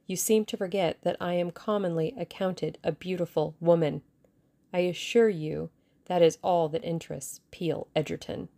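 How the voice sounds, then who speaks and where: A woman voicing a calm, scornful female schemer who speaks lightly and coolly in an audiobook. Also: fairly low pitch, lightly acted.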